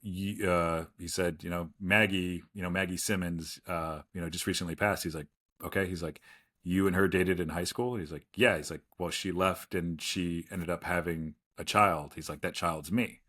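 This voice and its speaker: Man, forties, podcast co-host; lowish, bright voice, rambling anecdotal delivery. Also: steady tone, normal speed. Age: 40s. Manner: rambling storyteller, many restarts and quoted asides. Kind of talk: casual podcast chat.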